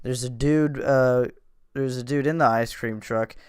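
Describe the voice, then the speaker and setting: A man's voice: mid-range voice, steady tone, measured pace, darkish tone, clear, resonant tone, no room sound, clean studio sound. A man hosting a casual podcast, rambling and swearing as he describes videos he watches. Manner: profane, laid-back, rambling. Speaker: podcast host.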